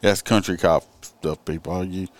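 A man's voice: deep voice, fairly even intonation, moderate pace. A man who was a police officer, chatting casually. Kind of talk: casual chat.

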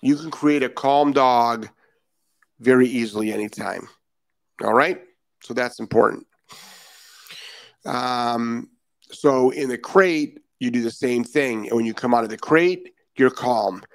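A man's voice: mid-range voice, a little slow, long pauses, no echo. A man hosting a live dog-training show, talking bluntly and repeating his key points for emphasis. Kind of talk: live-stream talk. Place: Florida.

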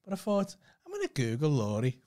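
Woman, podcast co-host, casual chat, skeptical, teasing, lowish voice. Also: wildly swooping pitch, fairly quick, warm tone.

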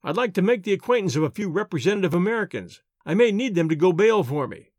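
A man's voice: sits high, lively intonation, fast talker, a little mellow, no echo. A man voicing a dry, mocking friend.

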